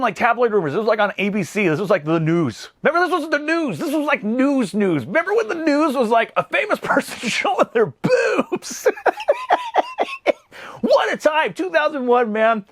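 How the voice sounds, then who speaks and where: Rapid, bouncy man in his thirties, rambling comedic movie recap, dry close sound. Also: very high voice, no echo. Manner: animated, rambling, laughs at his own jokes. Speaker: movie reviewer.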